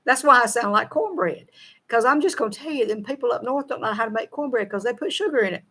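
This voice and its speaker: A middle-aged Southern American woman co-hosts a show, reading viewer comments in a casual, folksy chat, laughing often and running her words together. Her voice is fairly high and a bit bright, and she talks fast.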